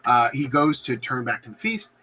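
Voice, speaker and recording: A man's voice: medium pitch, expressive, normal speed, pushed and bright, slightly rough, low-quality recording. A man casually summarizing a play as a teacher, playful and joking as he talks. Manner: playful, acts out characters in silly voices. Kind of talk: casual plot summary lecture.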